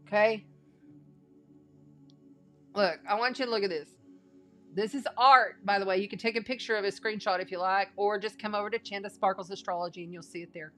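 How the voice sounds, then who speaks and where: A woman's voice: mid-range voice, steady tone, a little fast, pauses often, fairly bright tone, faint music behind. A woman giving a casual spiritual tarot and astrology reading, chatty and folksy, repeating phrases for emphasis.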